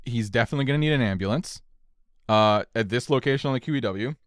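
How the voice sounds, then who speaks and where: Animated, profane storyteller man. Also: mid-range voice, fast talker, clean tone, dry recording, clean studio sound. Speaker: podcast co-host. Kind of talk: casual storytelling chat.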